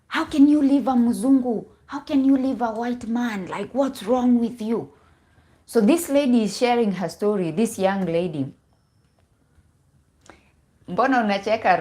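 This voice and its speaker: Woman in her forties, relationship coach doing a casual livestream; lowish voice, animated and outspoken. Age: 40s. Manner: animated, mixes in Swahili, repeats words.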